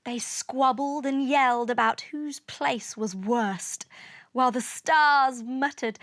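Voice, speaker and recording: A woman reading a rhyming children's picture book aloud in an expressive, sing-song way. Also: high voice, takes it slowly, dry recording. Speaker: narrator. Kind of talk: storybook read-aloud in rhyme.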